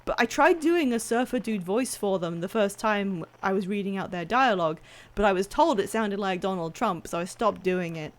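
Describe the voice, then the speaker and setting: A woman's voice: medium pitch, lively intonation, moderate pace. A woman streaming a video game, chatting casually with her viewers, swearing, laughing and reacting as she plays. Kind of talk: casual gameplay commentary.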